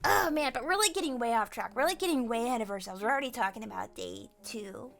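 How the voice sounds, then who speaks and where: A young woman hosting a casual live stream, excitable and quick to laugh, swearing freely as she tells stories. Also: a little high, gravelly, over music. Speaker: streamer host.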